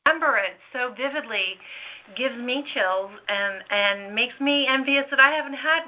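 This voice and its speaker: A woman's voice: fairly high pitch, moderate pace. A woman hosting a podcast, reacting to her guest with amazed exclamations. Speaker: podcast host. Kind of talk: casual chat. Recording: lo-fi podcast audio.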